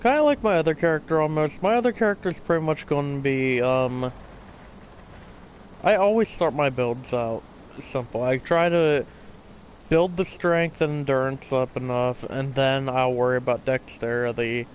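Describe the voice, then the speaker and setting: A man's voice: medium pitch, normal speed, a little hiss or hum. Tired, rambling male gaming commentator. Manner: rambling, tired, yawning, casual swearing. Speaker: gaming channel host. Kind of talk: casual gameplay voiceover commentary.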